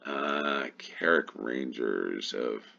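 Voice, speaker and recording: A man's voice: very deep voice, extremely slow, creaky, bright, forceful tone, lo-fi sound. An American man giving casual play-along commentary on a game, musing aloud and thinking to himself. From United States. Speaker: gaming YouTuber.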